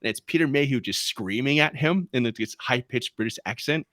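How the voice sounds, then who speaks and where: A man's voice: medium pitch, normal speed, no echo, clean studio sound. A man co-hosting a podcast in casual chat, telling anecdotes with enthusiasm. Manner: lively storytelling, enthusiastic. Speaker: podcast co-host.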